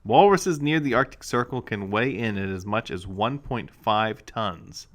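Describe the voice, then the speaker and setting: A man's voice: lowish voice, a little slow. A man co-hosting a comedy podcast, reading news stories aloud with wry asides. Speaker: podcast co-host.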